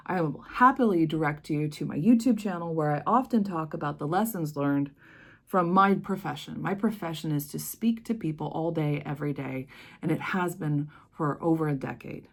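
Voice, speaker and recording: Speaking at a normal pace in a low voice, a woman from the United States vlogs an emotional personal story to camera. Her delivery is forceful, impassioned, and emphatic.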